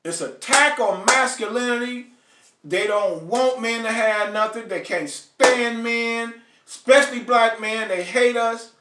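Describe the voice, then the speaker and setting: A man's voice: extremely high pitch, unhurried, echoey room, recorded from a distance, heavy background noise. A man hosting a live online show, ranting bluntly and profanely to his viewers and calling out to them by name. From United States. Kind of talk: ranting live stream monologue.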